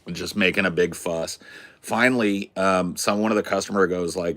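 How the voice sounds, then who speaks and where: A man telling a story in a casual, animated, profane way as a podcast host. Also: sits low, normal speed. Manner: animated, profane, swears freely.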